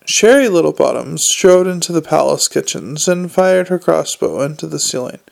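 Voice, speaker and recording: A man narrating an audiobook in a dry, measured storytelling manner. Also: fairly high pitch, animated, vocal fry. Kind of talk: scripted narration.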